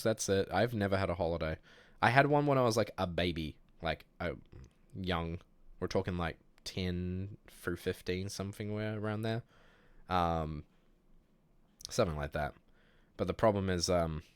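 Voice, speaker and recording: A man's voice: deep voice, clean tone, no echo. A man hosting a live stream, chatting casually and reading viewer messages, rambling and joking with lots of fillers. He says he is sick. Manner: rambling, jokey, many fillers and restarts. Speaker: livestream host.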